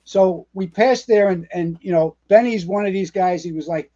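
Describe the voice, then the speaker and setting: A man's voice: sits high, normal speed, hardly any pauses. A man in his sixties from the Bronx with a New York accent, a retired fire captain telling salty, profane stories as a podcast guest. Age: 60s. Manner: salty, profane, animated storyteller. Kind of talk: storytelling interview.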